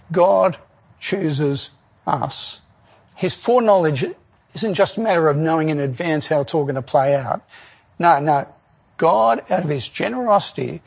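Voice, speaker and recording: A man's voice: on the high side, gravelly, a little mellow, breathy edge, highs cut off. A man preaching a sermon in an earnest way, often asking the listeners rhetorical questions.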